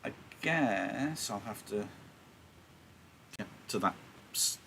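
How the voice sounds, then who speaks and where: A man's voice: fairly low pitch, expressive, takes it slowly, bright, forceful tone, a little hiss or hum. A man teaching live, reading a play aloud and explaining it in a joking, chatty way over a laptop mic.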